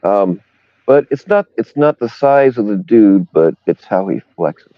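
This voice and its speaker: Low-voiced man, joking rambler, stutters, dull dry lo-fi mic. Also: animated, unhurried, no echo. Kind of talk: casual banter.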